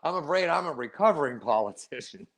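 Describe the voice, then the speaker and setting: A man's voice: on the high side, expressive, brisk, a bit bright. A man voicing a wry, good-humored former politician in a spoken story.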